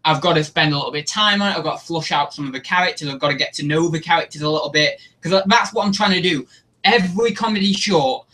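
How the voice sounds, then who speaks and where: A man's voice: fairly high pitch, bright, forceful tone. A young man chatting casually on a live stream, rambling and poking fun at himself. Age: young adult. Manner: rambling, chatty and self-mocking. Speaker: YouTube host.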